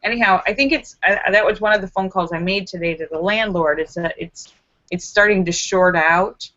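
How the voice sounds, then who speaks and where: A woman vlogger telling a story to camera in a casual, animated way, acting out her own screams and lines of dialogue. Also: medium pitch, fairly quick, lo-fi sound.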